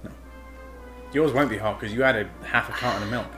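A man's voice: mid-range voice, brisk, over music. A young man with an English accent co-hosting a couple's vlog, teasing and mock-outraged, laughing often. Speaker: vlogger co-host. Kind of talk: casual couple vlog banter.

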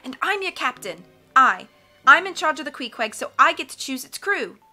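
Woman doing a stubborn young captain girl, firm and insistent, bright. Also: fairly high pitch, expressive, a little fast, soft background music. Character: fiercely loyal young sub captain, woman.

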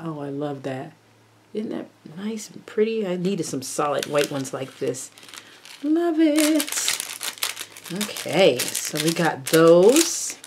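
A woman narrating a casual unboxing, gushing and exclaiming over each item and often dropping into soft murmurs. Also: low-pitched, background noise. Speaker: craft vlogger unboxing a haul.

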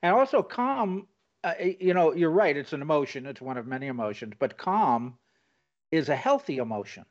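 A man's voice: fairly high pitch, sing-song, normal speed, highs cut off. A man hosting an interview, explaining and affirming his guest's points. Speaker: host. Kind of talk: casual interview chat.

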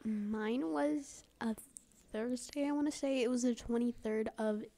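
A woman's voice: fairly high pitch, measured pace, creaky, a loud crowd. A teenage girl chatting casually with friends, hesitant, often trailing off with fillers. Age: teens. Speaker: podcast co-host. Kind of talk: casual chat.

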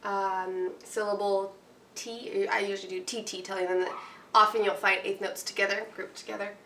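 A woman's voice: medium pitch, flat delivery, normal speed, bright, forceful tone, a little hiss or hum. Chatty woman teacher in a roomy room. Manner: chatty, rambling, with fillers and checks like "right?". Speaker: piano teacher. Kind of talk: casual instructional walkthrough. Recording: roomy, distant mic with faint ambience.

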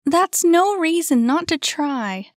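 A woman voicing an eager young woman who is dreamy and easily enchanted, speaking high and breathless. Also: animated, slow, dry recording, clean studio sound, exaggerated voice. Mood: excited. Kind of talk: audiobook character reading.

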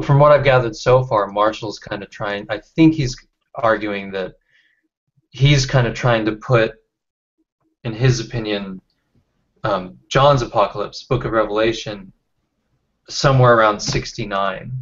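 A man leading a casual online study group, reading out chat comments and talking with halting restarts over a video call. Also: lowish voice. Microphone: computer mic on video call. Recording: dull lo-fi call audio.

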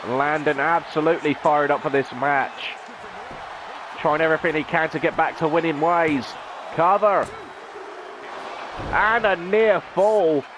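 High-voiced man doing wrestling play-by-play. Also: unhurried, long pauses, noisy background. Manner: dramatic announcer delivery, rhetorical questions. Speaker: YouTube gaming channel host. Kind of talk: wrestling play-by-play commentary over a video game.

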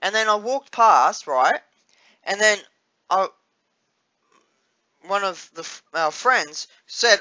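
An Australian man with a high, bright voice talks slowly and loosely, rambling through fillers and restarts and swearing freely. The recording is a little dull and lo-fi. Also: animated. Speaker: vlogger. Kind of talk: casual vlog chat.

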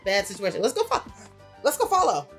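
A woman's voice: mid-range voice, huge pitch swings, fairly quick, faint music behind. A woman co-hosting a let's play, trading sarcastic, teasing quips in casual gameplay commentary.

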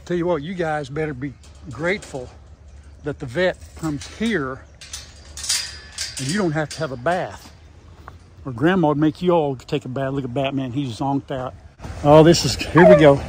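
A folksy older man chats his way through a farm vlog, his voice sitting a little high for a man, sweet-talking dogs as he goes. He wears a lapel mic, and a faint hiss runs underneath. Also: normal speed, long pauses, darkish tone. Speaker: farm vlogger.

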